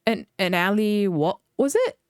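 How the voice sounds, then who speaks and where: Thomas, a woman doing a squeaky cheeky little engine. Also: sing-song, measured pace, clear, resonant tone, dry recording, studio quality. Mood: sheepish. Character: cheeky young male tank engine.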